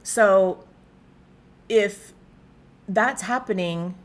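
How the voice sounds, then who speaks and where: A woman's voice: medium pitch, drawn-out words. A woman in her thirties from the United States, chatting casually as she reacts to a video, with frequent fillers. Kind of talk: casual commentary.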